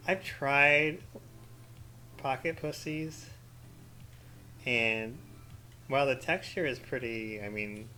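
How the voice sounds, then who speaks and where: Bright-voiced, profane, rambling man gaming. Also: medium pitch, slow pace, long pauses, slight background noise. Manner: rambling, profane, crude joking; mock-ranting with sarcastic asides. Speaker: gaming commentator. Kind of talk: casual let's-play commentary.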